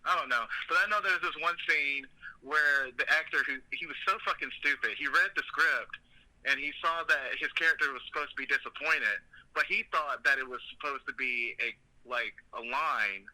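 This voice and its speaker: A podcast host chats casually, telling rambling, profane, jokey stories in this comedic conversation. His mid-range voice has a sharp tone and moves at a moderate pace, though the audio is poor.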